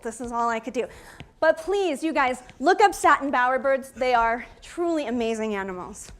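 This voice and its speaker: A woman with a high voice gives a lively college lecture. She talks in a chatty, playful way and keeps turning to the audience. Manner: chatty, playful, addresses the crowd as you guys. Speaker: college instructor giving a panel talk.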